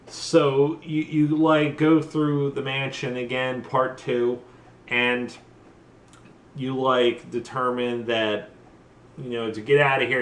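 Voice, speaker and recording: A man who has been drinking retells a video game's plot in a loose, rambling, profane way, slipping into quick mock voices for the characters. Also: medium pitch, a little hiss or hum. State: tipsy from drinking. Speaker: comedy vlogger retelling a game plot. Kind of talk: loose comedic plot recap. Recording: echoey room with faint background ambience.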